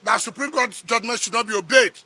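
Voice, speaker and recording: A man's voice: very high voice, fast talker, bright, forceful tone. A middle-aged man with a Nigerian accent, a politician sparring in a heated press interview, combative and scoffing, repeating his words.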